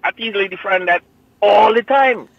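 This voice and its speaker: A man's voice: high-pitched, normal speed, gravelly, no room sound. A man with a Grenadian accent calling in to a radio talk show, chatting in a loose, rambling, teasing way. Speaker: caller. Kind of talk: casual call-in chat. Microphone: telephone. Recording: muffled phone line.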